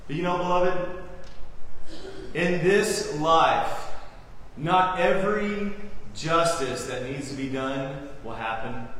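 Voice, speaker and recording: Slow-preaching pastor in an echoey hall. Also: male voice, on the high side, recorded from a distance, slight background noise. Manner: dramatic, acts out quotes, swings from loud to hushed. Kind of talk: sermon.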